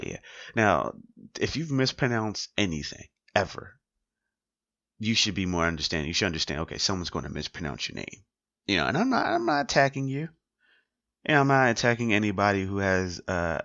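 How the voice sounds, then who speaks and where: A man's voice: low-pitched, fairly bright tone, no echo, lo-fi sound. A man hosting a solo podcast, talking casually and repeating his points with rhetorical questions. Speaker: podcast host.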